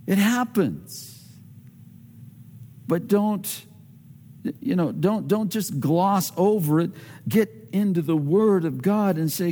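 A man preaching a sermon as pastor, animated, acting out quoted voices with big swings in pitch. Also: big-room sound.

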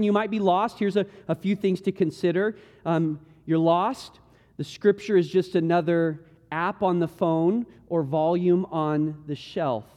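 A middle-aged man preaching a sermon, swinging between intense emphasis and hushed, quiet passages. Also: a little high. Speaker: pastor. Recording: long reverb of a large hall.

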